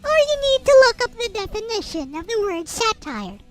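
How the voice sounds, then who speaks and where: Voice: very animated, moderate pace, loud music behind the voice. A streamer voicing a smug, mocking troll while reading satirical prose aloud in a mock-solemn, sarcastic way. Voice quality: very high, squeaky put-on voice. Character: squeaky high-pitched troll, mocking and smug.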